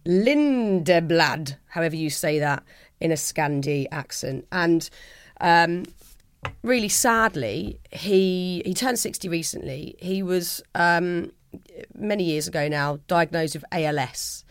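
A woman's voice: lowish voice, a little slow, clear, resonant tone, no room sound. Earnest woman, dry close mic. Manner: heartfelt and earnest, with frequent restarts. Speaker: guest. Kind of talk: reflective interview conversation.

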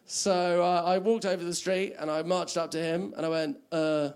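A man's voice: high voice, steady tone, normal speed, a little mellow, clear, resonant tone. A man performing a stand-up comedy set, rambling and self-mocking and laughing at his own jokes.

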